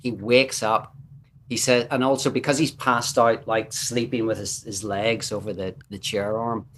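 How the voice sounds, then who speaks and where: Northern Irish male guest, low voice, lively raconteur who acts out his anecdotes. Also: moderate pace, a little hiss or hum. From Northern Ireland. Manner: animated storyteller who acts out quotes. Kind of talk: casual storytelling chat.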